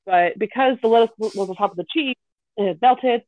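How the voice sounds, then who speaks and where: A woman telling a rambling story in casual podcast chat, animated and full of restarts. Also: a little high, brisk, no room sound. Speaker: kindergarten teacher. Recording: dry, tinny phone-like sound.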